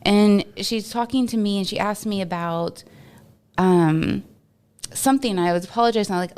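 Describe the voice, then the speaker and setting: Podcast guest, woman from Texas, mid-pitched, smooth and clear, lively storyteller who laughs easily. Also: fairly quick. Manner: animated storyteller, laughs often. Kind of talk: casual storytelling interview.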